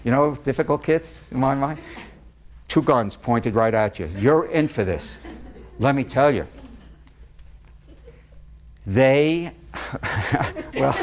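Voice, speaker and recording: Male speaker at a live audience talk; animated storyteller who acts out the dialogue and drops jokes; mid-range pitch. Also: a little hiss or hum. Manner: lively storytelling, acts out quoted dialogue, joking asides. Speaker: psychologist giving a public talk.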